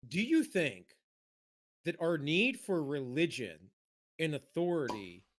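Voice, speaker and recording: Man, casual podcast chat, rambling, restarts, lively pitch, slightly high. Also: slow pace. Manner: rambling, animated, many restarts. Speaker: podcast co-host.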